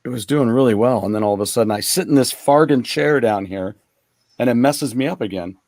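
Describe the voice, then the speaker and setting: A man's voice: medium pitch, fairly quick, a little mellow, no echo, studio quality. A man co-hosting a casual gaming stream chat, rambling with lots of fillers. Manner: chatty, rambling with many fillers. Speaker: co-host.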